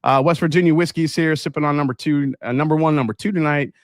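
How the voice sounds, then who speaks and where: A man's voice: fairly high pitch, steady tone, fast, no room sound, clean studio sound. A man hosting a casual livestream tasting, upbeat, greeting viewers by name and reading their comments aloud. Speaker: livestream host.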